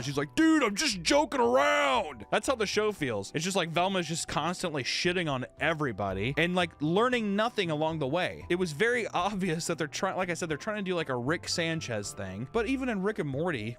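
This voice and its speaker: A man's voice: fairly high pitch, a bit bright. A man ranting casually about a show, sarcastic and swearing often, acting out quoted lines in silly voices. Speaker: show reviewer. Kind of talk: casual rant commentary.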